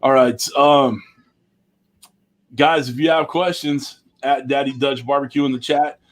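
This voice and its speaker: A man's voice: mid-range voice, steady tone, measured pace. A man hosting a casual live-stream chat, laid-back and self-deprecating, with casual swearing. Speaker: host.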